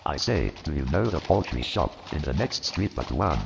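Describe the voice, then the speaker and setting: A man playing an old miserly man turned joyful and repentant, with a gravelly voice and a theatrical, animated delivery in an audio drama. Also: moderate pace, background noise, full character voice. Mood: elated. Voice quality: gravelly, very deep. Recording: reverberant, dull lo-fi, faint music.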